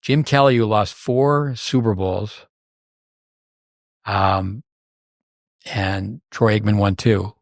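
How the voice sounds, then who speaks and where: A man's voice: lowish voice, fairly even intonation, slow pace, long pauses, no echo, clean studio sound. An older man hosting a podcast, telling long rambling anecdotes full of fillers and restarts in casual chat. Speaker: podcast host.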